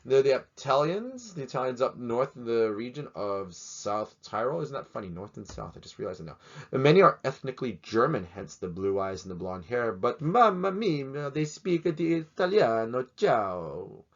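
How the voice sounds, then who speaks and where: A man's voice: medium pitch, expressive, brisk, fairly bright tone. A man teaching a casual video lesson, joking and rambling as he poses question after question, in a slightly dull lo-fi recording.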